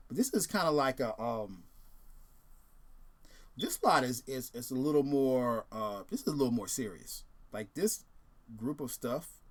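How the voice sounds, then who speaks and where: A man hosting a casual video who talks in a relaxed, rambling way. He fills his speech with ums and restarts. His voice sits at an ordinary middle pitch. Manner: rambling, filler-heavy, laid-back. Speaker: host.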